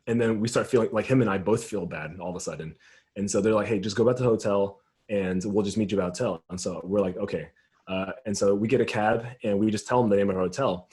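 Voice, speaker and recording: Young guy youth pastor telling a wild trip story, does all the voices, laughs a lot, casual chat. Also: lowish voice. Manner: animated storyteller, acts out quoted dialogue, laughs often. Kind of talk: casual storytelling at a round table.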